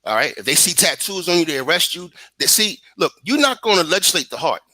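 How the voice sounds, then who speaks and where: A man's voice: fairly high pitch, sing-song, fast, pushed and bright, no echo. A man from the United States calling in from abroad, talking politics in a heated, profane, rambling way with many restarts. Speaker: guest on a talk stream. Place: living in Germany.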